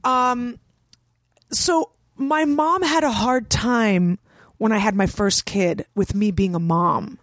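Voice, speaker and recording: Joking, swearing woman, slightly high. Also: slow, no echo. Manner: profane, joking, animated. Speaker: comedian guest. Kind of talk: casual chat.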